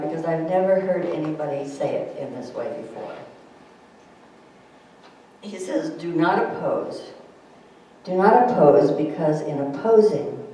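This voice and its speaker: A woman gives an informal spiritual talk to a small gathering. Her manner is gentle and chatty, and she laughs easily at her own anecdotes. The recording sounds strongly echoey, with the mic picking her up from well across the room. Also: low voice, distant mic, a little hiss or hum. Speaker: speaker giving a spiritual thought. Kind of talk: informal talk to a group, reading a quote aloud. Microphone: distant room mic.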